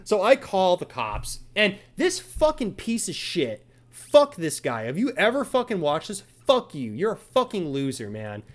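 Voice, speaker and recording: A man hosting a casual chat tells an angry story, swearing a lot and acting out the quotes with animation. His voice sits high and his delivery is unhurried.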